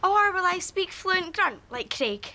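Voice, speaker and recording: Casting: a bright, chirpy girl nearing her teens, high and lively. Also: a little slow, a little hiss or hum, heavily acted. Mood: wondering. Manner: chirpy and wondering. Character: girl about to turn thirteen. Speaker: lead actress. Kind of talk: children's TV sitcom acting.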